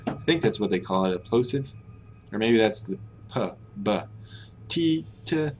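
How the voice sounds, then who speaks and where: A man's voice: on the low side, normal speed, a little hiss or hum. An American man hosting a language-learning live stream, thinking aloud in a hesitant, self-correcting way. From United States. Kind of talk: casual live-stream commentary.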